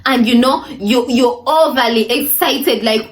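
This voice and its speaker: A woman's voice: a little high, unhurried, hardly any pauses. Emphatic young woman giving dating advice. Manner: emphatic, direct, fond of "you know" and "ladies". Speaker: vlogger. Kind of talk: casual dating-advice talk.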